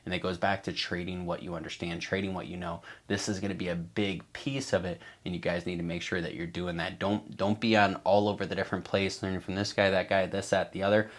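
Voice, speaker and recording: A man's voice: low voice, flat delivery, fairly quick, hardly any pauses. A man giving a casual coaching talk to traders, emphatic and repetitive, swearing freely and acting out a trader's inner voice. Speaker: trading coach.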